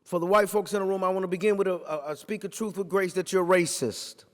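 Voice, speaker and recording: A man's voice: high voice, fairly even intonation, fast. Preaching man in a reverberant hall. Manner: rhetorical, repeats phrases for emphasis, builds to forceful peaks. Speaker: pastor giving a talk. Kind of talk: speech with storytelling in a preaching cadence.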